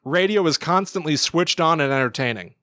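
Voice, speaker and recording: A man's voice: on the high side, a little fast, dry recording. A man in his thirties co-hosting a podcast, retelling a story in casual chat and acting out bits of it. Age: 30s. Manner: animated storytelling, acting out lines with laughs. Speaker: podcast co-host.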